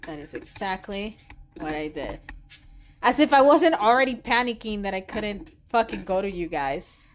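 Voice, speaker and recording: A woman livestreaming a game, chatting casually with her viewers; she is excitable, swears freely and laughs often. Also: medium pitch, normal speed. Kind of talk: casual gaming livestream chat.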